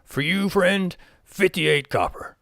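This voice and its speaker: A man's voice: high-pitched, slow, gravelly, pushed and bright, dry recording, voice pushed up, full character voice. A man voicing a shifty male goblin junk peddler who hawks his wares with wheedling patter. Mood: hawking.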